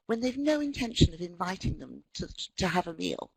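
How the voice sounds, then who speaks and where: British woman, husky voice, dry close mic, wry anecdotal lecture. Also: fairly low pitch, big pitch swings, brisk, dry recording, rough recording. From Britain. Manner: wry, anecdotal, with frequent ums. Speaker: webinar presenter, English teacher trainer.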